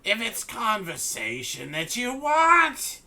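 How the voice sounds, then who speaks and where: A man voicing a creepy old hag woman who eyes her visitors hungrily, in a shrill, theatrical crone voice. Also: huge pitch swings, takes it slowly, crowd noise, full character voice. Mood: sly.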